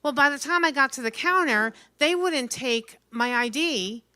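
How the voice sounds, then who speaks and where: A woman's voice: high voice, animated, normal speed, bright, forceful tone, dry recording. A woman from New Jersey doing a blunt, brash stand-up comedy set at an open mic. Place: small venue open mic.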